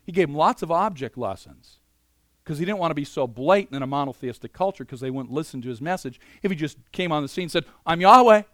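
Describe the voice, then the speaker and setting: A man preaching a sermon, animated and conversational, moving between loud emphasis and quiet asides. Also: on the high side, fast, no echo, clean studio sound. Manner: conversational, many "you know" fillers.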